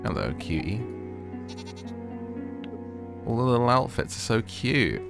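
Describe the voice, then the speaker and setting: A man's voice: medium pitch, sing-song, slow pace, creaky. A young man casually commenting while playing a cozy game, chatty and playful, easily delighted. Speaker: gaming video creator. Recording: game music behind.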